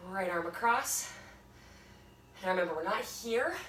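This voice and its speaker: Filmed on a phone from across an echoey room, this woman leads a home workout class, chatting and cheering viewers on between breaths, with background noise in the clip. She's a fitness instructor whose voice is medium in pitch, expressive, slightly slow and a little bright.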